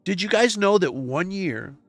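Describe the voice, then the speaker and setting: A man's voice: high-pitched, lively intonation, a little slow, no room sound, soft background music. Upset man venting on a livestream. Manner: impassioned and venting, swinging between quiet and loud. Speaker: livestream host. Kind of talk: emotional personal monologue.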